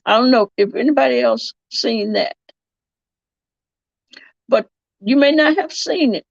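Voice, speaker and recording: Slow, gravelly woman chatting live. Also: fairly high pitch, no echo. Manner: rambling, drawn-out, self-correcting. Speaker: livestream commentator. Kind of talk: casual live-chat commentary. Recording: dull lo-fi stream audio.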